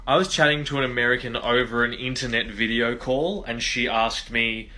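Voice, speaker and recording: Guy with a sharp bright voice, deadpan joking story. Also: mid-range voice, moderate pace, few pauses. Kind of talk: storytime to camera.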